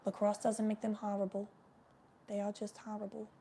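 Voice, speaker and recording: A woman's voice: medium pitch, completely flat delivery, normal speed, dark tone, a little hiss or hum, lightly acted. A woman voicing a silly psychic stoner woman in a put-on New Jersey accent, giving a brash, profane live-stream tarot reading. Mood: mock-bitter.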